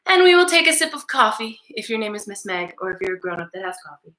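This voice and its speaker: A young woman leading a circle time lesson for small children, soft and encouraging, with slow spoken affirmations. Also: mid-range voice, very animated, reverberant, low-quality recording.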